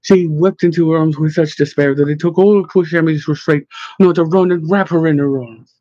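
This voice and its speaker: A man reading a story aloud in measured, expressive narration. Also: fairly high pitch, no echo, dull audio. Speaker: audiobook narrator. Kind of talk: scripted narration.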